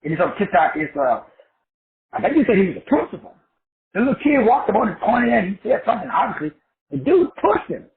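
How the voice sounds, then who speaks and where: A man's voice: sits high, very animated, fast talker, creaky. A man giving a rambling, profane motivational talk with a street-preacher cadence. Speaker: motivational speaker. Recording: tinny phone-like audio with faint background noise.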